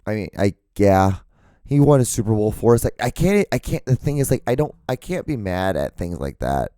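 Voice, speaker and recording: A man hosting his own show in a casual, rambling monologue, with a hoarse, cracking voice. He swears freely and his voice jumps high when he gets worked up. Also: normal speed, no echo, studio quality. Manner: profane, excitable, voice jumps high when ranting. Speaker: podcast host. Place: home setup with lights and camera. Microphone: studio microphone.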